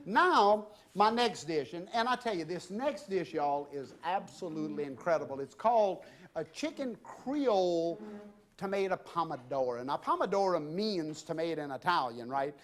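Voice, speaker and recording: A man's voice: a little high, expressive, normal speed. A middle-aged man with a Louisiana accent hosting a cooking demonstration in a home kitchen, talking in a chatty, folksy way and calling his viewers "y'all". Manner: folksy and exuberant, often says "y'all" and "I tell you". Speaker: TV cooking show host.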